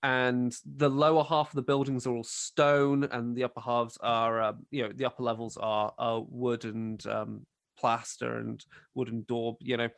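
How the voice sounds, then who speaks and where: A man's voice: medium pitch, flat delivery, normal speed, gravelly, no echo, studio quality. A man narrating a tabletop game as game master, describing scenes in a rambling way with plenty of fillers.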